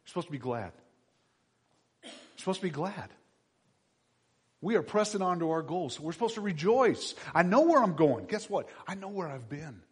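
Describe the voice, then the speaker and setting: A man preaching a sermon to his congregation, asking them questions and swinging between loud shouted passages and quiet low ones. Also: husky, long reverb tail. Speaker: pastor.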